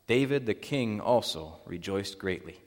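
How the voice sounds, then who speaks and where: A man serving as pastor, leading a baptism liturgy, prayers and a scripture reading in a solemn, measured way inside a church. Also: lowish voice, lively intonation. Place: church sanctuary. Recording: long reverb of a church hall.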